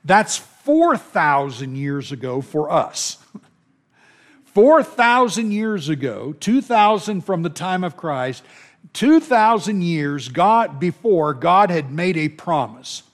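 A man's voice: a little high, sing-song, slow pace. A man preaching a sermon in an earnest, emphatic way, with repeated phrases and small chuckles.

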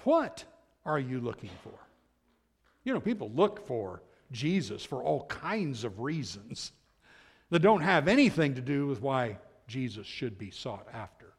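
A man preaching a sermon as pastor, swinging between loud emphatic lines and hushed asides. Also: medium pitch, very animated, measured pace, breathy edge. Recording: long hall reverb.

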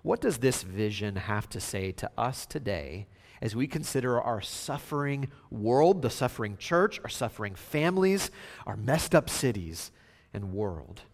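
Man, preacher, sermon, mid-pitched voice, quiet then loud, long hall reverb. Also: sing-song, unhurried. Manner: swings from hushed to loud emphatic preaching. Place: church sanctuary.

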